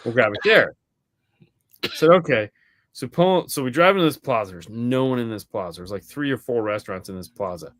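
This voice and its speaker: A man co-hosting a podcast in casual chat, telling a story in a lively way and acting out the voices of the people in it, swearing now and then. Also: medium pitch, brisk, no room sound. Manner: animated storyteller acting out quoted dialogue. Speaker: podcast co-host.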